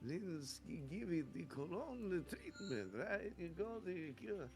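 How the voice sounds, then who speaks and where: A man voicing an excitable male creature who speaks boastful broken English and drops his articles. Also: sits high, slow pace, pitched above the performer's own voice, full character voice.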